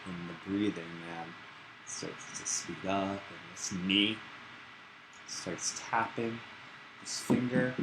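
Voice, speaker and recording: A man teaching a live-streamed yoga class in a relaxed, chatty and playful way. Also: low-pitched, slow pace, long pauses. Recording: roomy echo with background noise.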